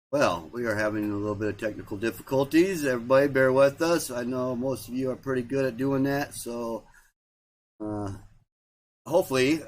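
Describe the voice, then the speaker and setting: A man hosting a casual livestream, rambling, repeating himself and trailing off as he talks. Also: mid-range voice. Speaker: livestream host.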